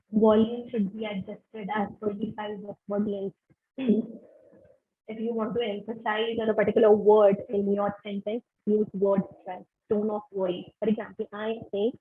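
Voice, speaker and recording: A woman's voice: medium pitch, slight background noise. A woman from India teaching a webinar on personal presentation, giving direct instructive tips. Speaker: webinar trainer. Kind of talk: online training lecture. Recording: tinny phone-line webinar audio.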